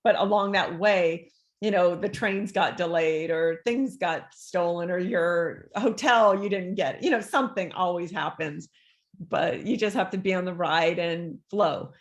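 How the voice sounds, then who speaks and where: Speaking at a measured pace in a low-leaning voice, a female life coach appears as an interview guest. In this conversational exchange she animatedly performs the voices of the people she quotes.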